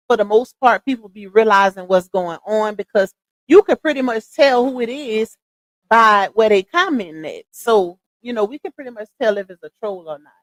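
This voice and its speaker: A woman's voice: a little high, dry recording, low-quality recording. A woman hosting a casual livestream, greeting her viewers by name and thanking them in a way of speaking. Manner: chatty, warm shout-outs with laughs. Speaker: livestream host.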